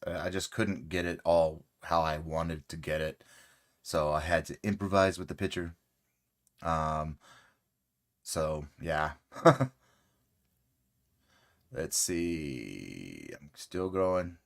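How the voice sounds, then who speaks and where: A man hosting a casual crochet livestream, rambling relaxed and friendly with many fillers and greeting viewers by name. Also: deep voice, slow, pauses often.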